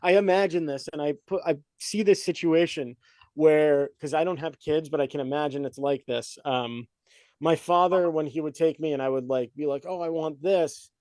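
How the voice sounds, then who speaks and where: A man's voice: fairly high pitch, moderate pace, darkish tone, no room sound. A man hosting a casual chat, rambling with many fillers and frequent laughs. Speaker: podcast host.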